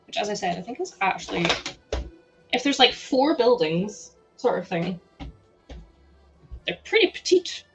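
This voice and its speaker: A young woman with a sore throat hosts a livestream from home, chatting casually into a headset, giggling and reacting aloud to chat as she builds. Her medium-pitched voice is expressive at a moderate pace, with the highs cut off and faint music behind.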